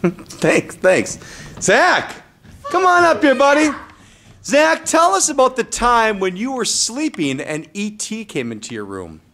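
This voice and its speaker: A man leading a kids' improv game, briskly calling out names and story prompts. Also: very high voice, big pitch swings, gravelly, pushed and bright. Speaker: improv class leader.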